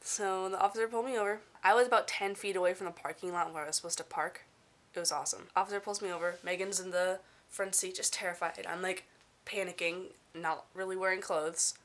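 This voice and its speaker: A young woman chatting casually to the camera from her dorm room, telling a story in a bubbly, animated way. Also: fairly low pitch, fast. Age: young adult. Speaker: vlogger.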